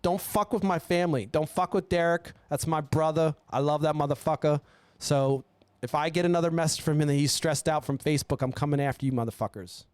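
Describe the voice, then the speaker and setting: A man's voice: on the high side, fairly even intonation, a little fast, darkish tone, smooth, no room sound. A man hosting his own show, ranting alone in a blunt, rambling way and swearing a lot. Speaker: podcast host. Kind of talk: profane solo rant. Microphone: studio mic.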